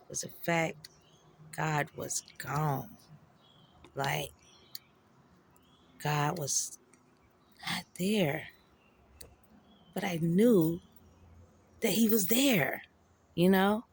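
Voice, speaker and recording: A woman's voice: fairly low pitch, extremely slow, pauses often, a little hiss or hum. A woman telling a personal story in a raw, profane, emotional way, with slangy, conversational speech.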